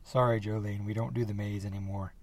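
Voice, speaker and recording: A man voicing a quiet, flat-eyed young farmer, talking softly, deeply and slowly. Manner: soft, deep, slow and polite.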